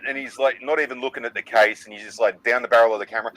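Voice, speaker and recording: A man's voice: lowish voice, fast talker, hardly any pauses, poor audio. A man, co-hosting a casual chat show, telling stories full of swearing. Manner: sweary, animated storyteller. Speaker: podcast co-host.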